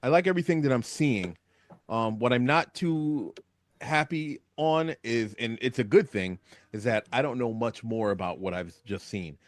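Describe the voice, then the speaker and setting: A man talking casually on a radio show, rambling with lots of fillers and jumping up in pitch when excited. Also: moderate pace. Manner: animated, rambling, frequent fillers. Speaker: guest commentator. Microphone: studio microphone.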